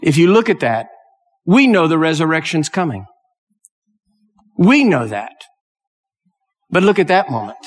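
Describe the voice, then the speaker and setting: A male preacher delivers a sermon, telling a story that builds into impassioned exhortation. His voice sits high for a man. It rings out with a long reverb, as in a large hall. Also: big pitch swings, measured pace, pauses often. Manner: emotional, rising to impassioned exhortation.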